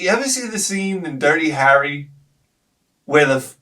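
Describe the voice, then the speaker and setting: A man's voice: a little high, normal speed, far from the mic. A man in his forties, a retro gaming host, telling rambling childhood stories with lots of swearing and laughter. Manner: animated, swears freely, laughs at own stories. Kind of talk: rambling anecdotal storytelling.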